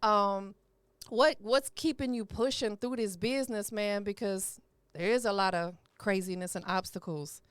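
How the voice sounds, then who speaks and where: Woman hosting a podcast, chatty and encouraging, smooth voice, dry close sound. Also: mid-range voice, steady tone, normal speed, no room sound. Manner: chatty, encouraging, uses lots of "you know what I'm saying". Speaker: podcast host. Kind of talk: casual interview chat.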